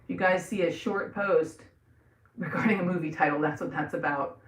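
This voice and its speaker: A woman's voice: lowish voice, normal speed. A middle-aged American woman rambling through casual livestream chat and reading out viewers' messages while she paints trim in her bathroom. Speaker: livestream host. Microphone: camera set across the room. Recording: echoey room, voice far from mic, faint noise.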